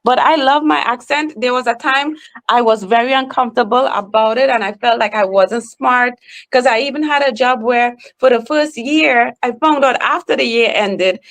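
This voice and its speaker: A woman with a Trinidadian accent, a guest on a podcast, talking slowly and emphatically in a casual interview. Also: a little high. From Trinidad and Tobago. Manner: animated, emphatic, talks slowly. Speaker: podcast guest, professional speaker.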